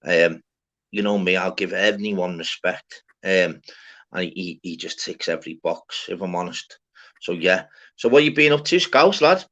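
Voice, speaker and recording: A man's voice: low voice, animated, unhurried, sharp tone. A man hosting an open-panel live stream, chatting casually with slangy, swearing banter. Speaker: livestream host. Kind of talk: casual chat. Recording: dull lo-fi stream audio.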